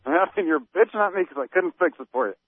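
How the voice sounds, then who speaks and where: A man's voice: high-pitched, expressive, fast talker, husky, no room sound. A man on a talk radio show, ranting with animation and firing off rhetorical questions. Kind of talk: political talk radio rant. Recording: dry, tinny phone-line audio.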